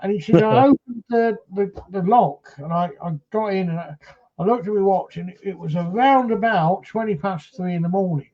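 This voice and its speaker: A man's voice: high-pitched, moderate pace, highs cut off. A man, a paranormal investigator retelling a story casually with lots of "he says" and quoted speech.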